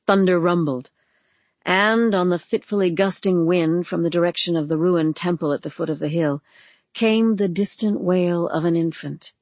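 Audiobook reader, measured dramatic narration, dry close mic, mid pitch. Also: no echo, dull audio. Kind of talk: scripted narration of a novel.

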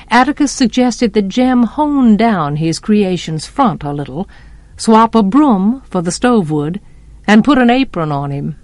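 A woman reading a novel aloud as an audiobook narrator, measured and expressive. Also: medium pitch, no room sound. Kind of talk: storybook narration.

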